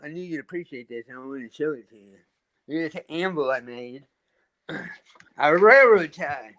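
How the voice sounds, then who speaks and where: Man, casual live panel chat, rambling, higher-pitched, dry close sound. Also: expressive, moderate pace, pushed and bright, no room sound. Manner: rambling, shows off his stonework and builds. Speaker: panel guest.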